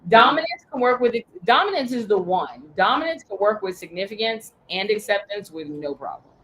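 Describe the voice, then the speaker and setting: A woman coaching a group in an animated, emphatic, blunt way, with the odd curse. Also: medium pitch, moderate pace, slight background noise, rough recording. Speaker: sales coach. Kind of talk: coaching talk.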